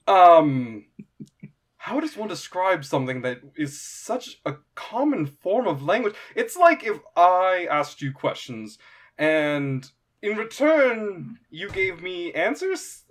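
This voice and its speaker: Man doing a fussy, high-pitched arena announcer. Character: nosy male arena announcer-interviewer.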